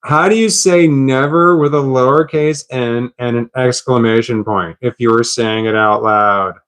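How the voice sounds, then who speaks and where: A man's voice: medium pitch, measured pace, a bit bright, clean tone. A man chatting on a live stream, puzzled and rambling, laughing at himself.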